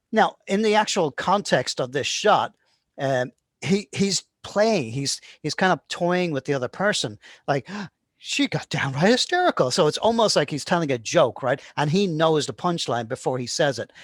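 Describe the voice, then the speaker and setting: A man's voice: a little high, no room sound, clean studio sound. A man explaining his animation polishing process in a casual tutorial, often checking in with "right?". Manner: casual, keeps asking "right?". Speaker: animation instructor. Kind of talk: screen-recorded tutorial talk.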